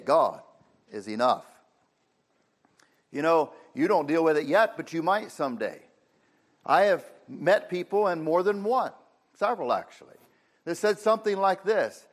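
A man giving a sermon in a plain, conversational way, often saying "you know". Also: fairly high pitch. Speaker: preacher. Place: room with an audience.

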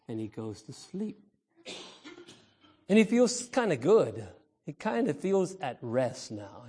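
A man preaching to the children in a Sunday sermon, his voice high for a man and swinging widely up and down. He takes his time, telling the story in an emphatic, storytelling way and calling out to the congregation for an amen. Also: darkish tone, breathy edge. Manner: storytelling, imitates baby cries. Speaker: pastor.

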